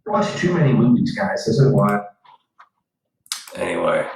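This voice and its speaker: A man's voice: on the low side, big pitch swings, measured pace, vocal fry, darkish tone, reverberant, rough recording. Blunt, profane man ranting. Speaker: live stream host. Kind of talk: ranting monologue.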